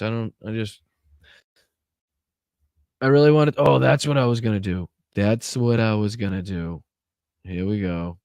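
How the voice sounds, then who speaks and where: A man's voice: mid-range voice, a little mellow, dry recording. A man hosting a political livestream, talking casually in a profane, exasperated, rambling way.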